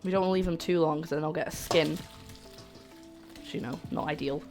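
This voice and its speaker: British woman, lowish voice, chatty live-stream cook, self-mocking, faint music behind. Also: steady tone, brisk. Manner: chatty, self-mocking, talks to chat while cooking. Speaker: cooking livestream host. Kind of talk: casual live cooking chat.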